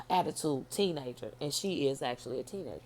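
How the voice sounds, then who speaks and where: Woman, middle-aged, profane animated storyteller, faint hiss in the background. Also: extremely low pitch, normal speed. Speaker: vlogger telling her dream. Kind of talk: casual storytelling.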